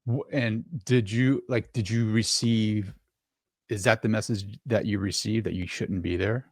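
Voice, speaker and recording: A man's voice: lowish voice, steady tone, a little slow, a little mellow, no echo, clean studio sound. A man hosting a podcast, asking curious, probing questions. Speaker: podcast host. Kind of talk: interview questions.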